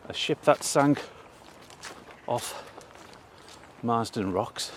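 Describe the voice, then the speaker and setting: A man gives a casual walking tour of a cemetery. He reads old headstones aloud with pauses and restarts, and he is out of breath. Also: mid-range voice, slight background noise. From North East England. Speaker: local history vlogger. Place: outdoors in a cemetery.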